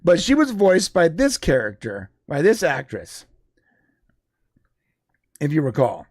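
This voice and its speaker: Brief: male podcast co-host, fairly high voice, dry close sound, loose conversational delivery with restarts. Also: wildly swooping pitch, slow, a little mellow, dry recording. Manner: conversational, with frequent restarts and fillers. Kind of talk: casual live-stream chat.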